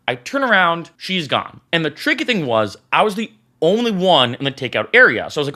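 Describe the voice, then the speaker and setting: A man's voice: a little high, fairly quick. A young man telling a story in a casual vlog, acting out the dialogue as he goes. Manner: animated, acts out the dialogue. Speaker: vlogger.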